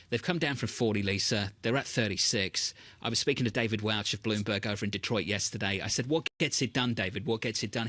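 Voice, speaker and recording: A man hosting live market news, brisk and briefing-like, moving from headlines to questions. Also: fairly low pitch, a bit bright, no room sound. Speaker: news host.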